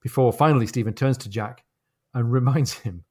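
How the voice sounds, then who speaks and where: A man co-hosting a podcast, chatting casually about a novel and reading passages aloud slowly and deliberately. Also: medium pitch, warm tone. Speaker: podcast co-host. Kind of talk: casual book discussion with read-aloud passages.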